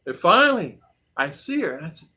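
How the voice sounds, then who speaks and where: Middle-aged American man, casual livestream host, animated storyteller with a bright edge. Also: a little high, brisk, husky. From United States. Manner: storytelling with laughs and acted-out quotes. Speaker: vlog host reading live chat.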